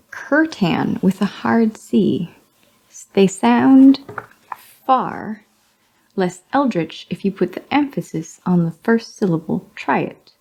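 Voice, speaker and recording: A woman's voice: medium pitch, creaky, a little mellow, slightly rough. A woman hobby vlogger reading a magazine aloud with her own commentary. She sounds out each word, corrects herself, and stays amused.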